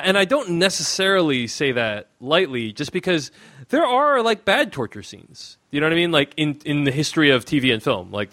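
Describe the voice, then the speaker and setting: A man's voice: medium pitch, a bit bright. A man hosting a podcast in casual chat, rambling and restarting his sentences with lots of fillers. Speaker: podcast host.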